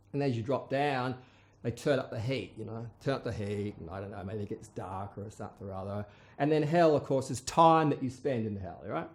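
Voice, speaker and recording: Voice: mid-range voice, darkish tone. A speaker telling a wry, rambling story in a casual monologue, full of fillers and restarts.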